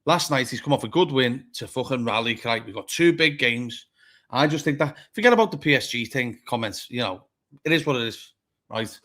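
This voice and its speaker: A man's voice: medium pitch, lively intonation, fairly quick, pushed and bright. A man on a football fan panel, talking bluntly, swearing a lot and getting heated. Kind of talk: casual fan chat.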